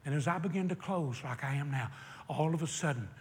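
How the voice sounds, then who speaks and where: An older man preaching a sermon, telling a personal story and swinging from hushed retelling to shouted exhortation. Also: a little high, fairly quick, in a large hall, slight background noise.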